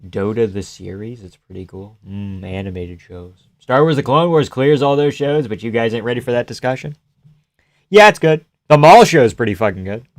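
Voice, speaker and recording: A man hosting a live fight reaction stream, chatting casually with viewers, reading chat and cursing as he yells at the action. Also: medium pitch, normal speed. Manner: swears freely, yells at the fight; reads and answers chat. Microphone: desk mic, gain adjusted live.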